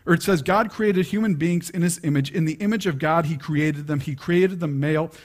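A man's voice: on the high side, fairly quick. A young adult man preaching a sermon in a conversational way, full of asides and restarts. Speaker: pastor.

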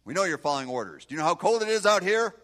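A stern army officer questions a soldier in a loud, barking voice, as a preacher acts him out. The voice sits high for a man. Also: normal speed, in a large hall.

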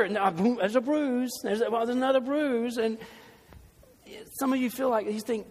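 A man's voice: very high-pitched, fairly even intonation, moderate pace, big-room sound. A man preaching a sermon as pastor, conversational, with humorous asides and stories.

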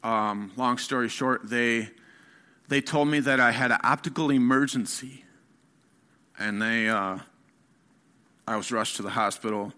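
Bright-voiced man sharing a candid testimony. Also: medium pitch. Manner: halting storytelling with many fillers and restarts; earnest, candid. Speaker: guest speaker. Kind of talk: personal testimony sermon.

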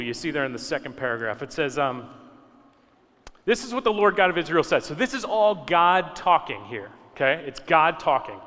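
A man's voice: on the high side, bright, forceful tone, long reverb tail. A man preaching a conversational, teaching sermon, repeating key words for emphasis. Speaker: pastor.

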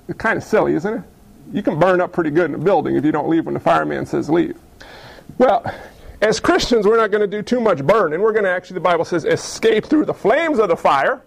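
A man preaching a conversational sermon as pastor, folksy and animated, acting out quick bits of dialogue. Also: sits high, creaky.

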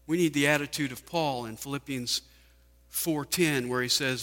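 A man's voice: mid-range voice, normal speed, fairly bright tone. A man preaching a sermon, firing off rhetorical questions with emphasis. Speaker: pastor. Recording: hall reverb.

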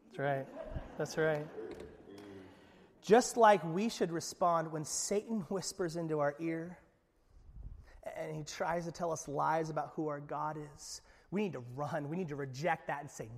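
A man's voice: a little high, normal speed, big-room sound. A man preaching a sermon as pastor, in an emphatic, conversational way.

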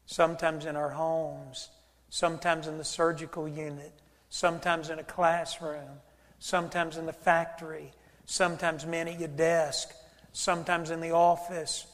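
A man's voice: on the high side, fairly bright tone. A man pastor, preaching a sermon and acting out both sides of a conversation as he tells a story. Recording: church hall reverb.

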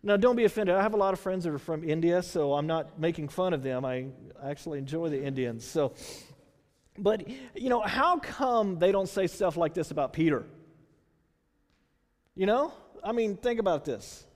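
A man from Texas with a Texan accent preaching a sermon, conversational and animated, full of rhetorical questions. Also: high voice, moderate pace. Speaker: pastor. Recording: long hall reverb.

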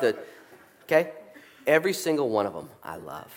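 A middle-aged man preaching a sermon, animated, jumping from loud peaks down to soft asides. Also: fairly low pitch, moderate pace. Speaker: pastor. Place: church sanctuary.

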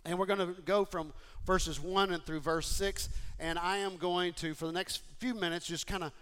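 High, bright-voiced man preaching casually. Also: normal speed, smooth. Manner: animated, talks straight to listeners, many restarts. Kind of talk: casual conversational sermon.

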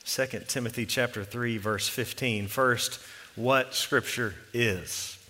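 A man preaching a sermon as pastor of a church, measured and deliberate, slowing down to stress key words. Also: medium pitch, fairly even intonation, pushed and bright, big-room sound. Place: church sanctuary.

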